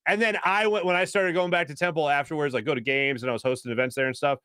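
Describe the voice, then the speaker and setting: A sports talk host in his thirties, chatting with his viewers and laughing at their comments. His voice sits a bit high for a man. It is recorded dry and close, with no room echo. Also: steady tone, fast talker, hardly any pauses, pushed and bright, clean tone. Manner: chatty, jokey, laughs often. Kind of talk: casual live-stream chat reading viewer comments.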